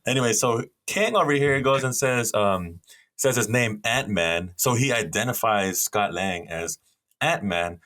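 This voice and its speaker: A man's voice: fairly low pitch, a little slow, a bit bright. A man co-hosting a casual podcast chat, laying out his ideas step by step with many fillers. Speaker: podcast co-host. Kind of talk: casual chat, reacting to a trailer.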